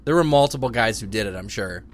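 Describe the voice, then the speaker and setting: Deadpan, low-voiced podcast co-host. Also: male voice, quick pace, slight background noise. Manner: dry, deadpan, sardonic. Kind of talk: casual podcast banter.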